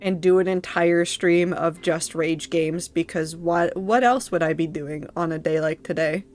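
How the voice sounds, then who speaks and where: While streaming a game, a woman chats with her viewers, emotional and laughing through tears in casual live-stream commentary. Her voice is lowish, a little slow and a little mellow, with faint music in the background.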